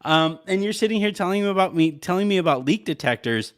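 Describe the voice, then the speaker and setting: Talking fast in a high, animated voice, a male podcast co-host rambles through a long, loose story. Casual and chatty, he leans on "like" a lot and keeps laughing.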